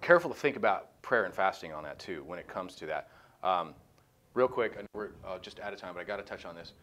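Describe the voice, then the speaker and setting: A man's voice: sits low, expressive, fast talker, a bit bright, a little hiss or hum. A man leading a small group Bible study, casual and jokey, cutting in with blunt comments. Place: room with a small group, streamed live.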